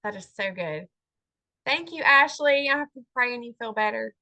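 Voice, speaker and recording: Bright encouraging woman hosting a call. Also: a little high, animated, normal speed. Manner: encouraging, affirming. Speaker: host of the team call. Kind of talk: hosting a group video call. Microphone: video call.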